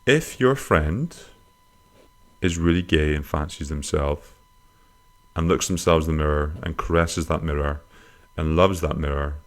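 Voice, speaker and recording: Low-voiced bloke, comic podcast host, rambling and crude, jumps into squeaky bits for jokes. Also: male voice, measured pace. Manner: rambling, crude, self-mocking humor with sudden high-pitched jokey swings. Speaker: podcast host answering listener questions. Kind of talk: casual comic podcast monologue.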